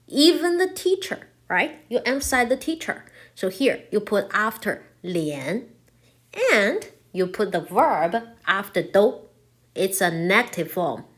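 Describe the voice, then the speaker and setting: Slow, patient woman teaching Chinese grammar. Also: medium pitch. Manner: slow, patient explaining, checking in with "right?". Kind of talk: grammar lesson explaining in English with Chinese examples.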